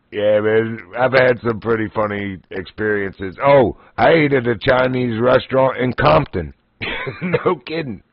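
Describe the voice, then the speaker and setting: A man spins casual, folksy stories on his livestream and keeps breaking into laughter. His voice sits in a middling pitch. The audio is dry and a little dull and lo-fi. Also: slow pace, long pauses, dry recording. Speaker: livestream host. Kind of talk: casual storytelling.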